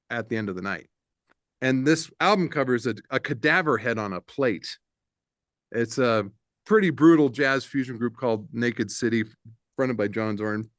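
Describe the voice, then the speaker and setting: A middle-aged man, a guest producer and audio engineer, telling animated anecdotes in a casual interview and laughing often. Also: medium pitch, no room sound, clean studio sound. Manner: animated anecdote-teller, laughs often, slips into voices for others.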